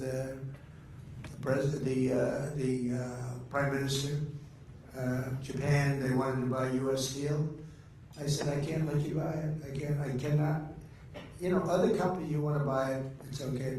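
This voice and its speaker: A man's voice: mid-range voice, darkish tone. Older man rambling boastfully in an echoey room. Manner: meandering, boastful, trails off mid-sentence with many uhs. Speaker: speaker addressing a political gathering. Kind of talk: rambling off-the-cuff speech. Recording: echoey room with faint background noise.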